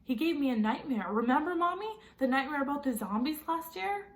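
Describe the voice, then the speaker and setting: A woman's voice: high-pitched, animated, a little fast, voice pushed up. A woman reading aloud and voicing a whining second-grade boy in a storybook. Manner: whining, exclaims loudly. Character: whiny scared little boy, second grader.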